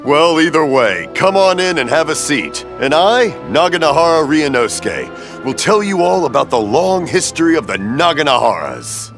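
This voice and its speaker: A man's voice: on the high side, sing-song, normal speed, music in the background. A man voicing a cheerful, hard-of-hearing older father in a video game dub, rambling and often mishearing. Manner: rambling, mishears, laughs warmly.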